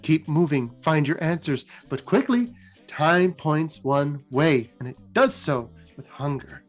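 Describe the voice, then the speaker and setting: A storyteller voicing an ancient, female cosmic horror entity, speaking slowly and quietly in a low, ominous tone. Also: expressive, faint music behind. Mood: ominous, hushed. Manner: slow, hushed and low.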